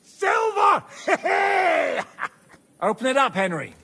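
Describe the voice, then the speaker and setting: An actor playing a bold captain who gives rousing orders. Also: male voice, extremely high pitch, sing-song, extremely slow, creaky, bright, forceful tone, shouting, full character voice. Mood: commanding. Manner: commanding, rousing.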